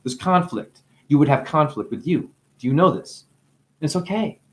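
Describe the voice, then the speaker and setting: A man's voice: a little high, expressive, moderate pace. A man giving a rambling spiritual monologue, free-associating with wordplay, swearing often and breaking into laughter. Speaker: self-styled spiritual teacher.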